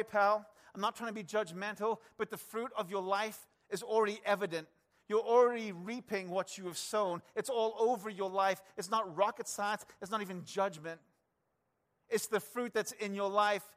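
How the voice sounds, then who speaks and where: A man preaching a sermon in an earnest, conversational way, often turning to address the congregation directly and swinging between quiet, low passages and raised emphasis. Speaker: pastor.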